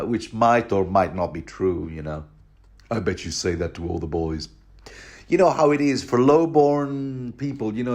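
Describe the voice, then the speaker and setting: A man giving a rambling, jokey commentary on a fantasy novel chapter. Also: lowish voice. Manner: rambling, jokey, full of fillers and acted quotes. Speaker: book commentator.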